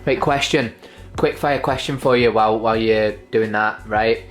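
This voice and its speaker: A man's voice: on the low side, fairly even intonation, moderate pace, faint music behind. A young man, a new father chatting casually and joking on his vlog. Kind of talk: casual chat.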